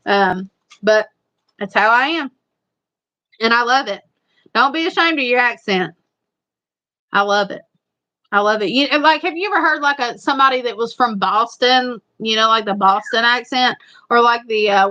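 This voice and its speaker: A woman's voice: fairly high pitch, normal speed, pushed and bright. Woman, Eastern Kentucky Appalachian accent, casual live chat, rambling, dull lo-fi audio. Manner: rambling, repetitive, chatty. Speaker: livestream host.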